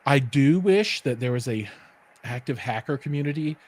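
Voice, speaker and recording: A man's voice: medium pitch, normal speed. A man co-hosting a casual live-streamed chat, telling stories animatedly, acting out quotes and using lots of fillers. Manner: animated storyteller, acts out quotes, many fillers. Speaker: podcast co-host.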